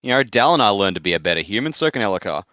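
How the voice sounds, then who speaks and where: Low-voiced, excitable young man. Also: rapid-fire, no room sound. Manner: blunt, excitable, swears freely. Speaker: podcast co-host. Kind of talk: casual book discussion. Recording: dry, slightly dull recording.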